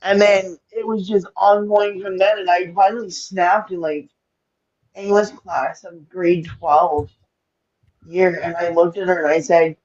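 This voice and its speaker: A woman from Alberta, Canada, telling stories in casual podcast chat, blunt and animated, swearing freely. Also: fairly low pitch, a little slow. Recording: dull lo-fi sound.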